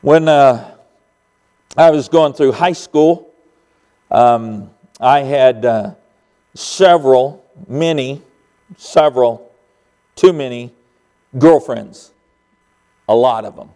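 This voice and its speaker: A man in his fifties preaching a sermon in a church as a guest preacher, earnest and homespun, swinging between emphatic lines and hushed ones. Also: medium pitch, slow pace, long pauses.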